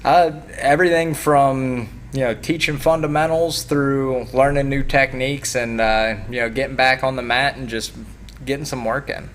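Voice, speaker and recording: A man's voice: medium pitch, fairly even intonation, moderate pace, a bit bright, a little hiss or hum. A man who coaches youth wrestling, talking casually as a guest on a morning TV show, laid-back and full of fillers. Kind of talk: casual TV interview.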